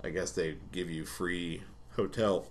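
A man's voice: low-pitched, fairly even intonation, unhurried, slight background noise. A man casually telling a rambling personal story, swearing often and laughing between lines.

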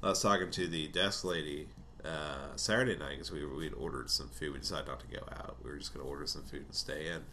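A man's voice: extremely low pitch, a little fast, sharp tone, a little hiss or hum. A man casually telling a rambling personal story, swearing often and laughing between lines.

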